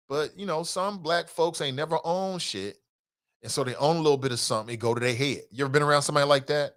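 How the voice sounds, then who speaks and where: Animated, laughing male talk show host. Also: mid-range voice. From Cincinnati area. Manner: animated, laughing, drops into quoted voices. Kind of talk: casual talk show monologue.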